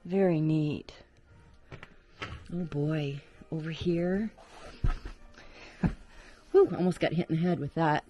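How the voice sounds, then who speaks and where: A woman vlogger narrating as she explores an abandoned farmhouse attic, chatty and exclaiming at creaking floors, recorded on a handheld camera. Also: low voice, takes it slowly, pauses often, warm tone, highs cut off, soft background music.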